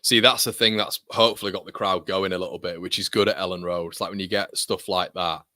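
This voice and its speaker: A man commenting live on a football match for fellow supporters, firing off quick reactions and venting exasperation with swearing. His voice is bright and forceful. The sound is dry, with little room around it. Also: low voice, steady tone, dry recording. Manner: heated, exasperated ranting with swearing; rapid reactions to the action. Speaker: football fan channel host.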